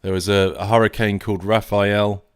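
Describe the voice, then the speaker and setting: A man's voice: lowish voice, flat delivery, normal speed, smooth. A man from near London with an English accent, hosting a live stream in a casual, rambling way with many fillers and restarts. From England, near London.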